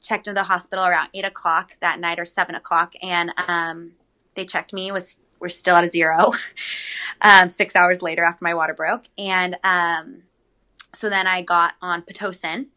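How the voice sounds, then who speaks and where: A woman's voice: fairly low pitch, moderate pace. A young adult woman telling her birth story in a casual chat, full of "like" and "um". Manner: chatty, animated storytelling with many "like"s and "um"s.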